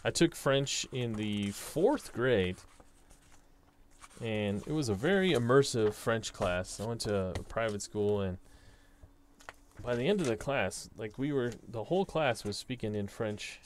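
A man's voice: on the low side, animated, a little slow, a little hiss or hum. A young man casually talking through his tabletop soccer simulation, thinking aloud as he reads off dice results. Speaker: tabletop soccer sim host. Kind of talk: casual solo commentary.

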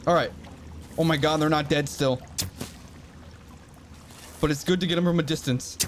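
With a little hiss or hum behind him, a man narrates his survival horror playthrough for his gaming channel, leaving long pauses. His fairly high voice keeps a steady tone at normal speed. He is jumpy, blurting frightened exclamations and muttering to himself.

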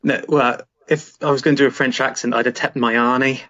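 A man chats on a podcast, laughing easily and cracking quick jokes. His mid-range voice comes through a dull, lo-fi remote line. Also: medium pitch, fairly even intonation, bright, forceful tone. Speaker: podcast co-host. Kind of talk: casual chat.

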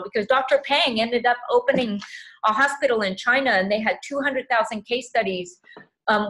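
A woman's voice: mid-range voice, fairly bright tone, low-quality recording. Middle-aged woman talking straight, swears a lot, acts out convos. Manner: blunt, candid, swears freely, acts out quoted dialogue. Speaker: host sharing caregiving advice. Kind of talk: heartfelt casual conversation.

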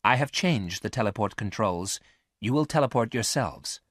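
Man doing a formal storybook robot, flat and exact, a touch higher than a low voice, dry close sound. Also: normal speed, no echo. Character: calm male robot ship computer.

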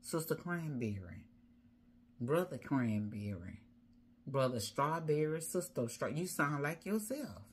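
A woman with a low, husky voice preaches a rhythmic sermon. She piles up repeated phrases and rhetorical questions as she drives her points home. Her tone is deep and slightly breathy throughout. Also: big pitch swings, slow pace. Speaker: prophetess preaching.

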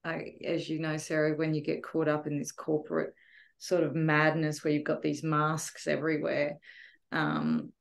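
A woman giving a heartfelt, emotional testimonial about a retreat, often pausing to search for words. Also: sits low, little pitch movement, vocal fry. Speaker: retreat guest.

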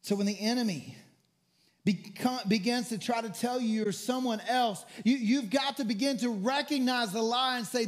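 A man's voice: moderate pace, soft background music. A man preaching a sermon as pastor, earnest and stumbling into restarts, acting out the quoted lines. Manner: acts out quoted lines with rising pitch.

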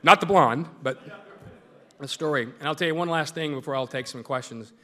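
Middle-aged guy telling sports stories at a club lunch, bright voice, big echoey hall. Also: a little high, brisk. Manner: folksy, joking storyteller. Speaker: sportscaster and guest speaker. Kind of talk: anecdotal club speech. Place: large meeting hall. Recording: echoey hall with long reverb.

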